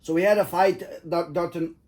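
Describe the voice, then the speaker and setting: A man's voice: high-pitched, fairly even intonation, brisk, darkish tone. A middle-aged man casually telling his kids stories, rambling and swearing and laughing at his own tales. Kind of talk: casual storytelling.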